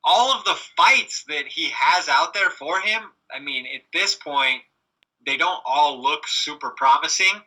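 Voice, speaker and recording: A man's voice: fairly high pitch, pushed and bright, low-quality recording. A man co-hosting a casual podcast, answering with dry, reasoned comebacks. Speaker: podcast co-host. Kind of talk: casual chat.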